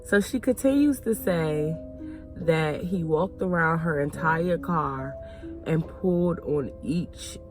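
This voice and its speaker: A woman's voice: low-pitched, takes it slowly. A woman hosting a video, casually telling a story to her viewers and chatting with them as "y'all". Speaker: video host. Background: music.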